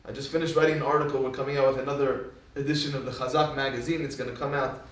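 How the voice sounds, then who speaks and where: Speaking rapid-fire at medium pitch, the rabbi animates his Torah lecture with stories, voicing each quoted line. He's distant from the mic in an echoing hall.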